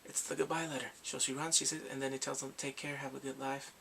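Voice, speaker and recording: Gravelly, bright-voiced man recapping excitedly. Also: mid-range voice, fast talker, a little hiss or hum. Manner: animated, acts out characters' lines and his own reactions. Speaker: drama reviewer. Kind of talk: casual excited episode recap.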